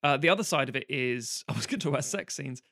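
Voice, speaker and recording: A man, co-hosting a podcast and ranting in an animated, sweary way. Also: medium pitch, fast talker, dry recording, clean studio sound. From London, England. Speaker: podcast host. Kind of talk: casual chat.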